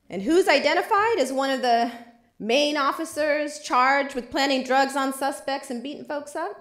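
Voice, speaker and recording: A woman's voice: high-pitched, normal speed, fairly bright tone, roomy sound. A woman lawyer giving a lecture, telling a vivid personal story. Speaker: civil rights lawyer. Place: lecture hall.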